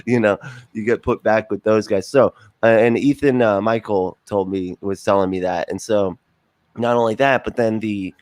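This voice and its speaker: Low-voiced man chatting loosely. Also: fairly even intonation, moderate pace, a little mellow, no room sound. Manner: rambling, lots of fillers and laughs. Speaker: podcast guest. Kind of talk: casual podcast chat.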